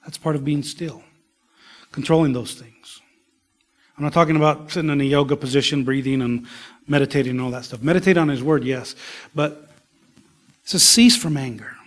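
A man preaching a sermon in a slow, emphatic way, dropping at times to a soft whisper. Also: on the high side, fairly even intonation. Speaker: pastor.

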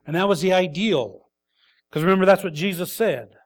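A man preaching a sermon as a pastor, earnest and deliberate, often restarting his phrases. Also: sits high.

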